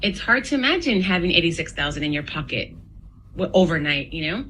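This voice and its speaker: A woman hosting a podcast, animated and encouraging, laughing easily and mixing in Spanish words. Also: on the low side, brisk, slight background noise, low-quality recording. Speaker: podcast host. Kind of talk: casual interview chat.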